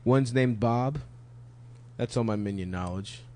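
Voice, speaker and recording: Male podcast co-host, mock-outraged profane quips, mid-pitched voice. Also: a little slow, warm tone. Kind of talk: casual comedy banter.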